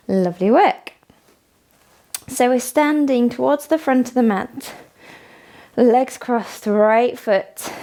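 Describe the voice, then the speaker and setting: A woman leading a morning yoga class, giving calm step-by-step cues and frequent praise. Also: on the high side. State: has the hiccups. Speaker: yoga instructor. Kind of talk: guided yoga class instruction.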